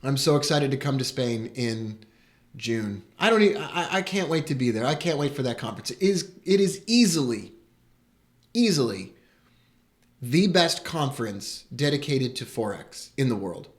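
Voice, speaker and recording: An excitable man, hosting a live broadcast and greeting his viewers with enthusiasm. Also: mid-range voice, normal speed. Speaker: host.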